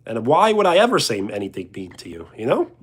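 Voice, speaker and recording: Young male streamer, husky tone, lively up-and-down delivery, jokey and loose with chat. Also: medium pitch, fast. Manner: joking, chuckling, reading viewer questions aloud. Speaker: livestreamer answering chat. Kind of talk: casual live chat.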